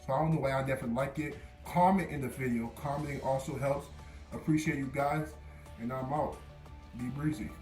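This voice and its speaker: A young man telling a casual storytime, animated and stammering, with sudden loud bursts as he recounts. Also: mid-range voice, brisk. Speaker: vlogger. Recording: roomy echo with faint music.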